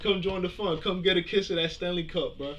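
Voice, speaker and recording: A young man from South Florida reacting to a clip in casual, profane commentary, jumping between shouting and mumbling. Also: sits high, fairly quick, highs cut off. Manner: hyped, profane, swings from yelling to muttering. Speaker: reaction video host.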